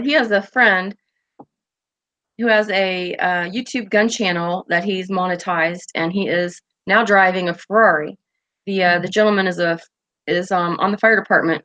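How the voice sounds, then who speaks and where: A woman hosts a relaxed livestream chat and reads out viewer comments as she goes. Her voice sits in a middle pitch and comes through close and dry, with no room sound. She talks loosely, with plenty of "um"s and restarts. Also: vocal fry, no echo, highs cut off. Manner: chatty and rambling, with frequent fillers and restarts. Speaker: host of a pipe-smoking chat stream.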